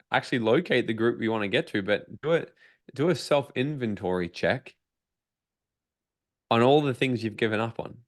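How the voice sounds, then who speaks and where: A man's voice: fairly low pitch, a bit bright. A man telling a personal story as a podcast guest, swearing freely, acting out his own inner dialogue and turning it into motivational advice. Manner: profane, emphatic motivational storytelling. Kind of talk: casual storytelling interview.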